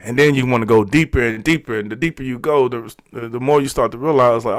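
Halting, heartfelt man telling his story. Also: mid-range voice, dry recording. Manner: emotional, halting, repeats words. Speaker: podcast guest. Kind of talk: candid storytelling.

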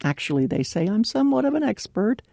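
A woman giving a devotional talk in an earnest, clearly enunciated way, laughing often. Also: fairly high pitch, big pitch swings, fast, dark tone, dry recording, clean studio sound. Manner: clear, carefully enunciated delivery. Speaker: devotional speaker.

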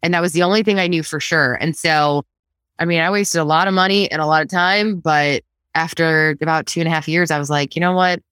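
A woman guest in a casual interview, telling her story with laughs and acting out quotes in a higher voice. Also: fairly quick, clear, resonant tone, no echo, clean studio sound. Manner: animated, laughs often, acts out quotes in a higher voice.

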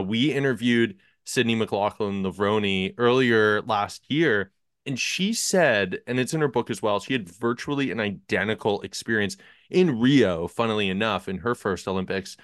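A man's voice: lowish voice, moderate pace, dry recording, studio quality. A man hosting a podcast, asking long, thoughtful questions in a conversational way. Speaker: podcast host.

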